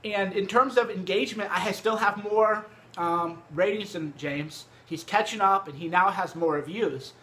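A man's voice: high-pitched, normal speed, pushed and bright, slight background noise. A man talking casually to camera in a home setup about books, brash and profane, with heavy emphasis, on a cheap microphone. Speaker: vlogger. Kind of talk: casual direct-to-camera book talk. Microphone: cheap USB microphone.

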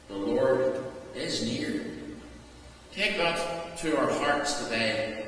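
A man, a rector, preaching a sermon in a measured, emphatic way, with repeated refrains. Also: a little high, lively intonation, fairly bright tone, soft background music. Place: large stone church. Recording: echoey church from far off.

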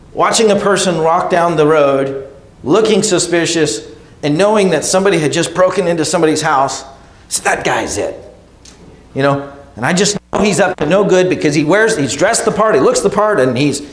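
A man preaching a sermon to his congregation in a conversational way, often restarting phrases and checking in with "okay?" and "right?". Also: high voice. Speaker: pastor. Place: church sanctuary. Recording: echoey church room.

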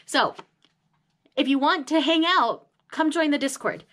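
A woman's voice: high-pitched, measured pace, a bit bright. A woman hosting a casual unboxing vlog, gushing and emotional, often laughing as she talks to her viewers. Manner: chatty, addresses viewers directly. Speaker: manga vlogger.

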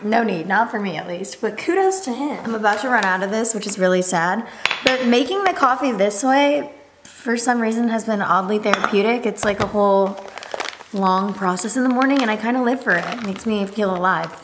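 A woman's voice: medium pitch, a little fast, background noise. A young woman in her twenties chatting casually to camera in a home vlog, upbeat and full of "like" and "literally". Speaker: vlogger. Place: home indoors.

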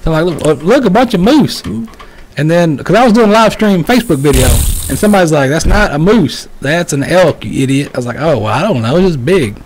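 Lively, animated man from Texas. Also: fairly high pitch, fast, a little hiss or hum, poor audio. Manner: lively, chatty, laughs easily. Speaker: talk show host. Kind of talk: casual talk-show storytelling.

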